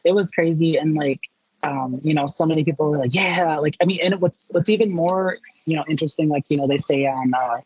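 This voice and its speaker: A man being interviewed, telling a story in a chatty, animated way and acting out his own reactions in quotes. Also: fairly high pitch, a little fast, breathy edge, no room sound, muffled recording. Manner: chatty with many fillers and restarts. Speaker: interview guest.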